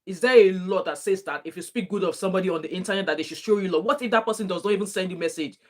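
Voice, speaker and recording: A woman's voice: on the low side, racing. A woman giving opinionated, chatty commentary on a clip as a reaction vlogger. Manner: opinionated, chatty, greets viewers. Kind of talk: casual commentary on a played clip.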